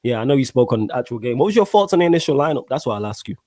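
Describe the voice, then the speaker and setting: A man's voice: medium pitch, sing-song, rapid-fire, dark tone, dry recording, studio quality. A young man hosting a football podcast, upbeat and slangy, steering the talk. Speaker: podcast host. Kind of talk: casual podcast chat.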